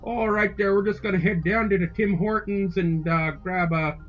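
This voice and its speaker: A man's voice: sits high, steady tone, moderate pace, pitched above the performer's own voice, lightly acted. A cheery, folksy Canadian man heading out for coffee, as a man puts on the accent. His voice is raised and sing-song, with a comic lilt. The sound is a touch dull, with faint music behind. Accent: Canadian (put on).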